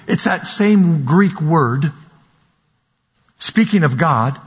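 Slow husky-voiced preacher in an echoing hall. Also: male voice, a little high, expressive. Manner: slow, emphatic, repeating key words. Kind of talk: sermon. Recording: dull sound with long hall reverb.

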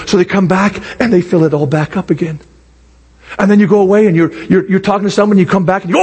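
A male pastor preaching a sermon in an animated way, acting out the voices of the people he quotes. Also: sits high, normal speed, long pauses, husky. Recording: long reverb in a hall.

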